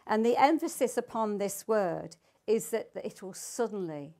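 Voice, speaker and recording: A woman's voice: medium pitch, expressive, measured pace, few pauses, mellow. An older woman teaching the Bible to a small group, reading scripture aloud and asking her listeners emphatic questions.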